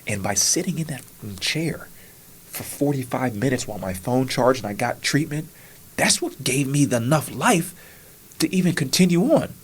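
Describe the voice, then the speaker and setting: With a husky, animated voice at normal speed, this podcast host shares a story from his life in easygoing conversation. He plays out his former words, now whispering, now going up high.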